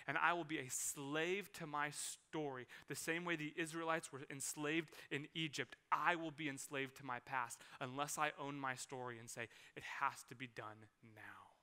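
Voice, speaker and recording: A man's voice: fairly high pitch, moderate pace, few pauses, clear, resonant tone. A man in his thirties preaching a sermon, telling a personal story and acting out its scenes. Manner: animated storytelling, acts out scenes. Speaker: pastor.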